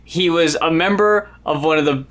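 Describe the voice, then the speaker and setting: A man's voice: a little high, moderate pace, a bit bright. A man co-hosting a casual album review podcast, explaining the background and stumbling over his words. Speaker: podcast co-host.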